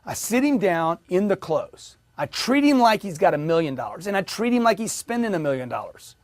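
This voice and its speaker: A man's voice: sits high, big pitch swings, fairly quick, dry recording. A middle-aged man giving an emphatic motivational sales talk, acting out his talks with customers. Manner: emphatic, acts out customer dialogue. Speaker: sales trainer.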